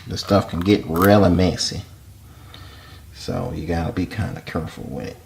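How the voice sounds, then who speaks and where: Low-voiced man teaching home cooking. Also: moderate pace, vocal fry, background noise. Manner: folksy, relaxed step-by-step instructions, often quiet. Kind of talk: casual cooking demonstration.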